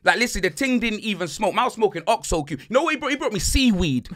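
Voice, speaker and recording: A young man hosting a podcast tells a holiday story in casual, slang-heavy chat, animatedly acting out other people's voices. He's a fast talker with a high-pitched voice.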